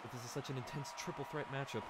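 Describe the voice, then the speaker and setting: A young man hosting a live stream, calling the action in a loud, excitable way and laughing often. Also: mid-range voice, quick pace, background noise. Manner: yells and laughs at big moves, then mumbles when fixing slides. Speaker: stream host and commentator.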